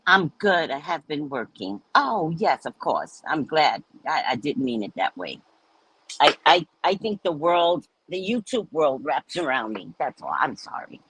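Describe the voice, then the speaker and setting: A woman's voice: low voice, measured pace, slightly rough, no room sound, poor audio. A middle-aged woman hosting a casual livestream, chatting and reading viewer comments aloud. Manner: chatty, animated, reads chat aloud. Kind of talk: casual chat.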